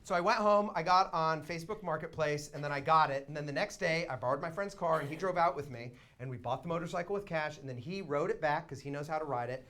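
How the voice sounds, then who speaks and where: A young man doing live stand-up storytelling on a theater stage, dropping to quiet asides and then breaking into shouted, laughing excitement. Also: a little high, fast talker, few pauses. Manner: laughs while talking. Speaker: stand-up comedian.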